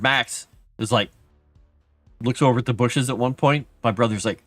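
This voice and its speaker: Middle-aged guy on his stream telling childhood stories, kinda self-deprecating, dry close sound, quiet music behind. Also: normal speed, long pauses, no echo. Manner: chatty, self-deprecating, acts out quotes in a higher voice. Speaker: livestream host. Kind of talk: casual storytelling to chat.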